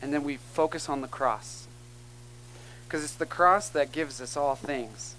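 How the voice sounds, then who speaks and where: A man's voice: on the high side, a little slow, bright, forceful tone, slight background noise, low-quality recording. A man preaching a sermon as pastor, earnest and emphatic, calling out to the congregation between points. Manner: earnest, emphatic preaching with call-and-response asides.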